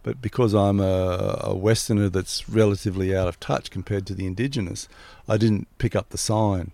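A man with a low, gravelly voice speaks in a relaxed, reflective way. He tells a story in casual conversation. The sound is dry and close. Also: no room sound. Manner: reflective, spiritual, unhurried.

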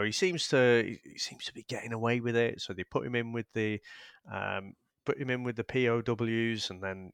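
A man's voice: fairly low pitch, a bit bright, clean tone, dry recording, studio quality. A man co-hosting a casual film review podcast, rambling and laughing as he talks. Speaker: podcast co-host.

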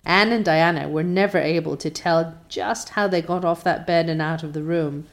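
A woman's voice: low-pitched, steady tone, normal speed, gravelly. Woman reading a storybook aloud. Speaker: audiobook narrator. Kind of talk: storybook narration.

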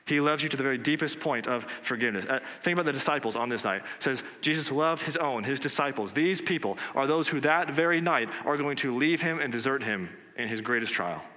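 A man's voice: mid-range voice, animated, a little fast, few pauses, pushed and bright. Earnest preaching man in a reverberant church. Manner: earnest preaching, repetitive emphatic phrasing. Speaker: pastor. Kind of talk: sermon. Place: church sanctuary. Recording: long reverb of a church hall.

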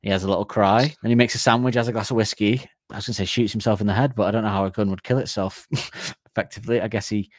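A man's voice: on the low side, steady tone, fast, no echo, studio quality. A man, co-hosting a comedy podcast, rambling through mocking tangents with frequent laughs. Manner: rambling, mock storytelling with laughter. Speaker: podcast co-host.

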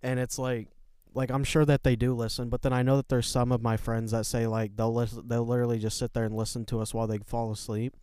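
A young man co-hosting a podcast, talking in a relaxed, rambling way with plenty of swearing and a soft, soothing voice. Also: mid-range voice, fast talker, few pauses, clear, resonant tone, no room sound, studio quality. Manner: laid-back, rambling, swears often. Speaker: podcast co-host. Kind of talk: casual chat.

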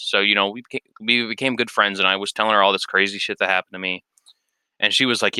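Young man, lowish pitch, very bright and clear, candid rambling storyteller who swears a lot, close dry mic. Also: level tone, quick pace, dry recording. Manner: rambling, candid, profane, many fillers. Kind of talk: casual storytelling.

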